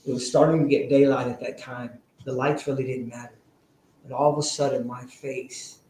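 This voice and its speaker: Before a live audience, a man shares a recovery story as testimony, telling it animatedly and rising to shouts. His voice is medium-pitched and creaky, in a very echoey room with faint noise.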